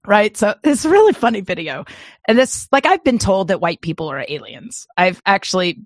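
A woman co-hosting a podcast, telling a long story in a rambling, animated way and breaking into laughter often. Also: medium pitch, normal speed, no room sound, clean studio sound. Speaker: podcast co-host. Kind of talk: casual storytelling chat.

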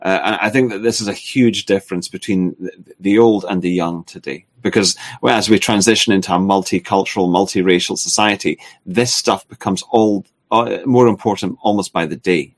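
A low-pitched man co-hosts a spoken discussion, speaking haltingly with lots of filler sounds and restarts.

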